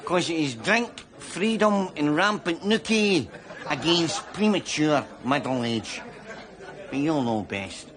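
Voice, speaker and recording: A Glaswegian actor playing a boastful, leering drinking pal in a sitcom, with audience laughter. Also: male voice, on the high side, lively intonation, slow, crowd noise. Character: boastful middle-aged Glasgow drinker, cocky. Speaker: sitcom character. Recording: studio audience laughter behind.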